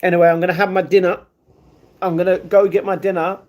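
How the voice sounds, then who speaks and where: A man's voice: high-pitched, flat delivery, fast, a little mellow. A young man from England chatting casually on a livestream, reading out comments and answering them, often repeating his phrases. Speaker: live streamer.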